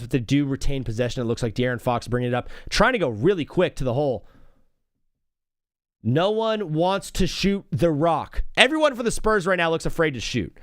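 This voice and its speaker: A young man hosts a live sports show with a lively, bouncing voice that sits a little high for a man. He rambles casually from play updates to stories and replies to chat. The sound is close and dry, with no room around it. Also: clean tone, no echo. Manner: rambling, chatty, jumps between game calls and stories.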